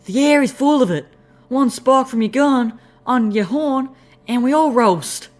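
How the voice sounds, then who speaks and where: Squeaky, drawling male pony. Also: animated, measured pace, soft background music. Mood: warning. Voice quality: high, squeaky, twangy. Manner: gruff, grumbling, folksy drawl. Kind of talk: audiobook character voice.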